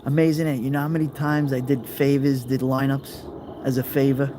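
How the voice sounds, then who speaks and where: A man's voice: medium pitch, little pitch movement, moderate pace, noisy background. A middle-aged man, hosting a casual live chat and telling rambling stories that act out the people he quotes while answering viewer comments. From New York. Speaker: live-stream host.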